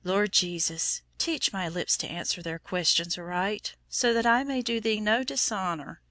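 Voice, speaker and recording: A woman voicing a brave little girl with a soft, steadfast, courteous manner in a storybook reading. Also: medium pitch, a little slow, no room sound. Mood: prayerful.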